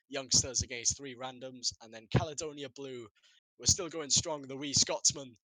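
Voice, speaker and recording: A man's voice: mid-range voice, sharp tone, no echo, poor audio. Chatty man casting esports. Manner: rambling, self-mocking, laughs often. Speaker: esports caster. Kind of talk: live esports commentary.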